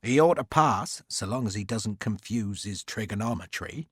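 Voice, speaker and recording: A man's voice: lowish voice, lively intonation, moderate pace, fairly bright tone, breathy edge, no room sound, clean studio sound. A man doing a hearty Devonshire sea captain. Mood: affable. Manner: affable, chatty, rich-voiced. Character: cheerful, warm-hearted male naval captain.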